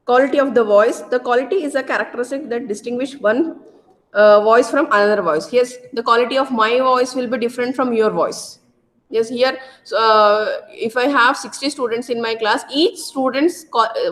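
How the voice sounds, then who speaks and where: A woman lecturer with an Indian English accent from Karnataka, giving a loud, repetitive classroom lecture full of tag questions. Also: fairly high pitch, moderate pace. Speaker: college lecturer.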